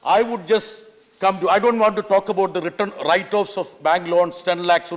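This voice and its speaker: A man giving an impassioned parliamentary speech, often pleading "sir" and sometimes shouting. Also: sits high, steady tone, moderate pace. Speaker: member of parliament. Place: large parliament chamber. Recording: long reverb of a large chamber.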